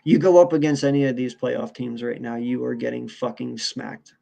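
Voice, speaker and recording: A man's voice: mid-range voice, fairly even intonation, normal speed, gravelly, warm tone. A man co-hosting a sports podcast, ranting in a heated, profane, casual way. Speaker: podcast co-host.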